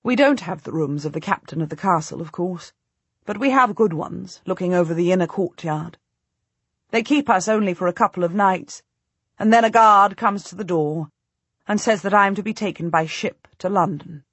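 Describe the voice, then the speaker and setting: A woman narrating a historical audiobook in first person, measured and dramatic. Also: on the low side, husky, dry recording.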